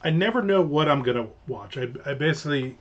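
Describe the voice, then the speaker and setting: A man's voice: a little high, expressive, fast talker, slight background noise. American guy rambling and joking through a livestream chat, kinda muffled lo-fi mic. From United States. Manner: rambling, jokey, trails off and restarts often. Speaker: livestream host. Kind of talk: casual livestream chat reading viewer comments. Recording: slightly dull lo-fi home mic.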